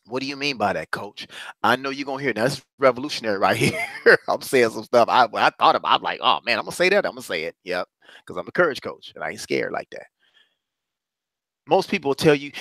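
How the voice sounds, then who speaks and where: A man speaking as a motivational courage coach to a congregation, emphatic and repetitive, swinging from low murmurs up to loud, high exhortations, with speech. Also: no room sound. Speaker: self-described courage coach.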